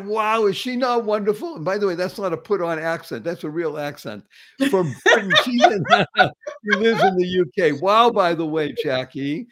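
A man's voice: high-pitched, fairly bright tone. A man hosting a motivational talk show, enthusiastic and effusive, repeating phrases for emphasis. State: paralyzed for years. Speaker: show host.

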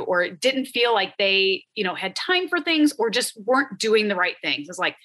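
A woman's voice: mid-range voice, lively intonation, normal speed, hardly any pauses, pushed and bright. A woman talking about her work as a productivity coach in a casual podcast interview, with lots of filler words. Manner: chatty, frequent "like" fillers.

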